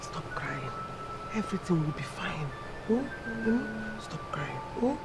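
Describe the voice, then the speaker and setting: A motherly Nigerian figure begs a young woman to stop crying. Her pitch swings widely as she pleads and comforts. Music sits clearly in the background. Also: sing-song, measured pace. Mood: pleading. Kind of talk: Nollywood film acting.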